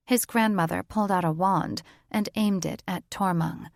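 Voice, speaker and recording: A woman narrating a fantasy audiobook in an even, deliberate, scripted style on a close mic. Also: mid-range voice, vocal fry, no room sound.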